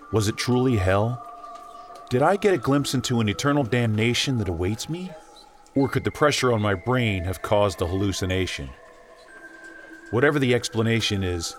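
A man reading a horror story aloud as narrator, emotive and shifting between tense and hushed tones. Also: on the low side, slight background noise. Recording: music bed under the voice. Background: background music.

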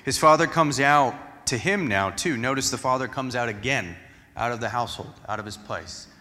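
Forceful male pastor in a reverberant sanctuary. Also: medium pitch, lively intonation, normal speed. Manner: explanatory, acting out scripture quotes. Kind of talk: expository sermon.

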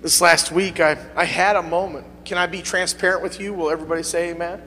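High-voiced pastor preaching in a reverberant church. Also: male voice, steady tone, fast talker, bright, forceful tone, a little hiss or hum. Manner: call-and-response preaching, rising to fervent peaks. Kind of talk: sermon. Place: church sanctuary.

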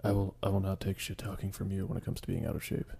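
A man's voice: low-pitched, fairly even intonation, fast talker, vocal fry, warm tone, breathy edge. A young man telling a rambling, profane story on a casual podcast as its co-host.

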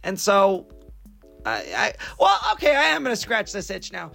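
Man, podcast co-host, gravelly, emphatic rants, faint music behind. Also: sits high, moderate pace. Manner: animated ranting, emphatic. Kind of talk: casual podcast chat.

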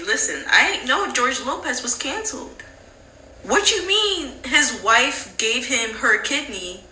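A woman's voice: high-pitched, bright, forceful tone, slight background noise. A woman chatting casually, blunt and incredulous, laughing through gossip. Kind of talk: casual chat commentary. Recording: roomy echo.

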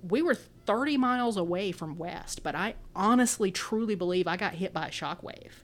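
A woman in her thirties with a Texan accent co-hosts a podcast, chatting casually, rambling and laughing often. Her mid-range voice has lively intonation and a moderate pace.

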